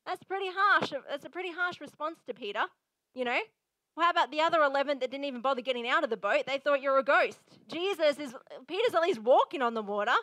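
High-voiced woman preaching earnestly. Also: quick pace, a bit bright, dry recording, rough recording. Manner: earnest, conversational preaching with emphatic repeats. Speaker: pastor. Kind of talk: sermon.

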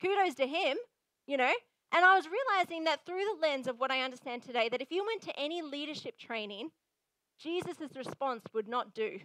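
A woman's voice: high voice, expressive, fairly quick, fairly bright tone, no echo, poor audio. A young woman pastor giving a sermon in an earnest, conversational way, repeating herself for emphasis.

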